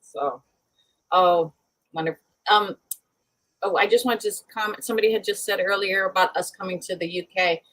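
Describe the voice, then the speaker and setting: A woman co-host chatting casually and responding with warm, gushing affirmations. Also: mid-range voice, normal speed, long pauses, poor audio. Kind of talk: casual chat.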